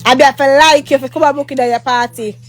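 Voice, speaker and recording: Jamaican lady with a high voice ranting a storytime vlog, rambly and repetitive, cusses a lot. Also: steady tone, fast talker. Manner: rambling, repetitive, swears often; breaks into mock prayer. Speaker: vlogger.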